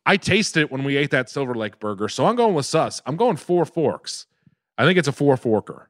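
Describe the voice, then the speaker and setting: A man co-hosting a podcast, talking in a brash, joking and excitable way. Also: medium pitch, normal speed, no room sound, studio quality. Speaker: podcast co-host. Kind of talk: casual chat.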